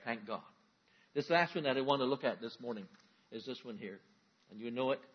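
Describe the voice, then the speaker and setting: A man's voice: mid-range voice, brisk, breathy edge, highs cut off. A male pastor giving a sermon in a folksy, conversational way, full of everyday examples.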